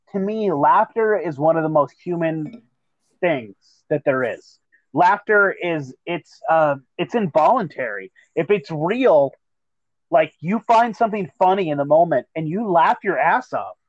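A man co-hosting a casual podcast chat, telling stories in a profane, animated way. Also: sits high, no room sound, dull audio. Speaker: podcast co-host.

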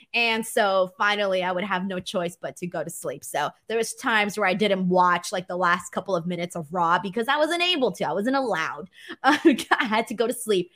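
A young woman from the West Coast telling stories in a casual Q&A video, animated and laughing, slipping into playful impressions. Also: mid-range voice. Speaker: vlogger. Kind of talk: casual Q&A storytelling.

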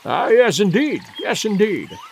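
A man's voice: sits high, very animated, measured pace, gravelly, a little hiss or hum, heavily acted. A man voicing an absent-minded, fussy old professor who mildly repeats himself in a storybook reading. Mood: dithering.

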